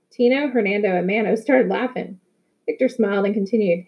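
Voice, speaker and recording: A woman reading a novel aloud in a steady, plain storytelling manner. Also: mid-range voice, fairly quick, highs cut off. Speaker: audiobook reader.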